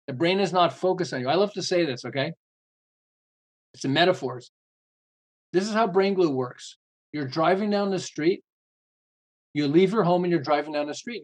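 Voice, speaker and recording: A man with a fairly high voice, speaking as a guest author in a podcast interview. He talks loosely and energetically, full of restarts and "you know." He keeps acting out other people's thoughts, with his pitch jumping up and down. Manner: animated, acts out quoted thoughts with big jumps in pitch.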